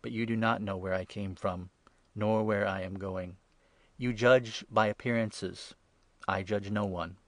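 Solemn male teacher in a scripture reading, read by a man, measured, low voice, dry sound. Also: steady tone, no echo.

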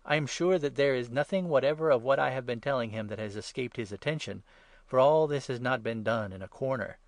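A man's voice: mid-range voice, fairly quick, no echo, lightly acted. A man reading Paul making an earnest defense.

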